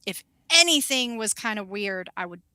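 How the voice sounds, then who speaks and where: Bright-voiced woman telling a story. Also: medium pitch, moderate pace, no echo. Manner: animated, swearing, acts out quoted voices. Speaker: guest, wax specialist. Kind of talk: casual storytelling chat.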